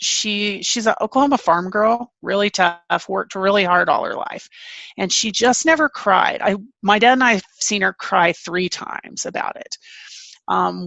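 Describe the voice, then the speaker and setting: A woman author and family caregiver answering interview questions candidly, with halting restarts. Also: medium pitch, gravelly, sharp tone, no room sound.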